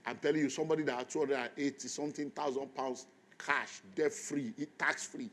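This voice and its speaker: A middle-aged man with a Nigerian accent preaches to a congregation, his voice sitting at an everyday middle pitch. He tells a long personal story and then turns to the crowd, telling them to repeat lines to the people beside them. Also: a little fast, a bit bright. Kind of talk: sermon.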